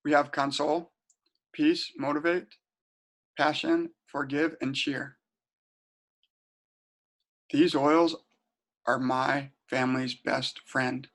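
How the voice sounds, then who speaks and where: A man's voice: fairly high pitch, fairly even intonation, takes it slowly, long pauses, fairly bright tone. A middle-aged man giving a casual webinar talk, chatty and storytelling, often repeating and restarting words. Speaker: webinar presenter. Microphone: home webinar setup.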